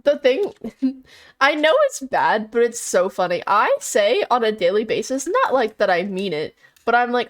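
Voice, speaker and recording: A woman's voice: mid-range voice, expressive, moderate pace. A young woman co-hosting a podcast in casual chat, crude and playful, often laughing. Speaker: podcast co-host.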